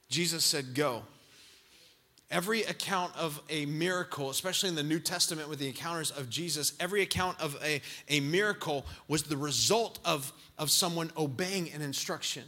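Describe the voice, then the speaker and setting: A man preaching a sermon, rising to shouts as he acts out scripture scenes. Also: on the high side. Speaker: pastor.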